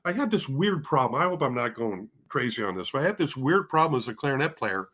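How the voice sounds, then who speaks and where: A Spokane, Washington man who heads the bands at a music school tells his story as a guest in a casual interview. His medium-pitched voice is fast, sing-song, a bit bright and husky. He rambles, pokes fun at himself, and fills his speech with fillers and restarts.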